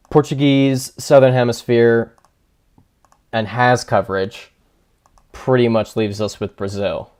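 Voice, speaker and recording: A man's voice: medium pitch, steady tone, slow, long pauses, a little mellow, smooth. A man thinking aloud as he streams a game, chatting with his viewers and poking fun at himself. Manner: thinking aloud, chatty and self-deprecating, reading chat. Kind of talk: casual livestream commentary.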